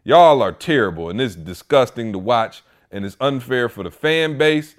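A man hosts a podcast, ranting with playful exasperation. His voice sits at a middle pitch, and his delivery is loose and conversational. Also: expressive, moderate pace. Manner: exasperated joking rant. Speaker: podcast host. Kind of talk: casual chat.

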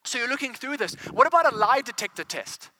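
A man's voice: extremely high pitch, very animated, quick pace, pushed and bright. A man preaching a sermon, firing rhetorical questions at the congregation and repeating words as he builds momentum.

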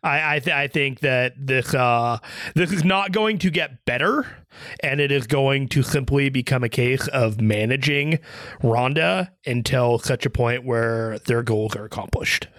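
Measured man host, dry close sound. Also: medium pitch, a bit bright, dry recording. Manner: measured, poses questions to the panel. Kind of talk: casual wrestling discussion.

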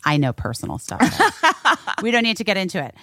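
Lively, animated woman podcast host. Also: medium pitch, normal speed, no echo, studio quality. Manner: animated, giggly, teasing. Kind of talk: casual chat.

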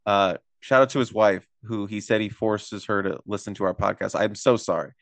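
A man's voice: on the low side, steady tone, moderate pace, vocal fry, no room sound. A man hosting a casual sports podcast, telling rambling jokey stories. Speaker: podcast host.

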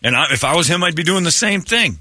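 A man's voice: on the high side, expressive, fast talker, bright, forceful tone, no room sound. A man hosting a morning radio show, joking loosely and rambling through crude stories with frequent laughs.

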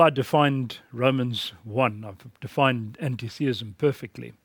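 A man's voice: medium pitch, creaky, no echo. A man teaching a recorded course lecture in a blunt, emphatic preaching manner.

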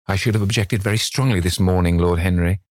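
A vain, boyish young Victorian gentleman, petulant and pleading, as a man reading a storybook puts him on. The voice is lifted above the reader's own deep register, and the recording is close and dry. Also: steady tone, fast talker, no room sound, close to an everyday voice. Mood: eager.

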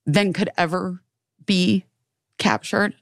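Animated woman telling a story, dry sound. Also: lowish voice, slow pace, dry recording. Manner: animated storyteller acting out quoted friends, lots of swearing and "like". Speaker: podcast co-host. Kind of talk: casual chat.

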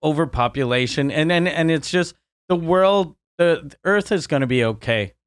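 A man's voice: a little high, lively intonation, moderate pace, no room sound, clean studio sound. A man in a casual podcast chat, rambling and jokey with crude humor. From Canada.

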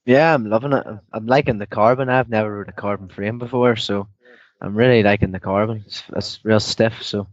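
Young Northern Irish man, soft-spoken interview guest, lowish voice, dull remote-line sound. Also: steady tone, fairly quick, no room sound. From Northern Ireland. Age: young adult. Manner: softly spoken, laughs easily. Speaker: guest, downhill mountain bike racer. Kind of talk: casual interview chat.

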